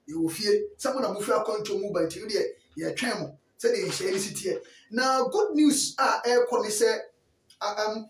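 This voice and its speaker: High-voiced Ghanaian man, echoey far-off mic. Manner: animated, chatty, keeps asking listeners if they follow. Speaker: football news vlogger. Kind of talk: casual sports news chat. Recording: echoey room, voice from a distant mic.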